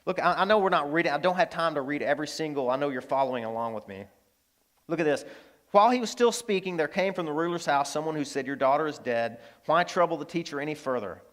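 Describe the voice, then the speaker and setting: A man preaching a sermon as pastor, animated, swinging from loud exclamations to hushed, tender lines. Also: fairly high pitch, fast talker.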